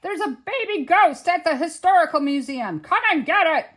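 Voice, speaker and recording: A woman voicing a hot-tempered old museum keeper who shouts shrilly. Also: animated, moderate pace. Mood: furious. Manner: loud, shrill yelling.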